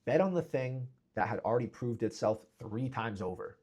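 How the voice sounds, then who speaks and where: A man's voice: medium pitch, expressive, normal speed, darkish tone, muffled recording. Intense young man preaching self-improvement. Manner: intense, preachy, repeats phrases for emphasis; mocks imagined people in sarcastic voices. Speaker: fitness vlogger. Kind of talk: motivational monologue to camera.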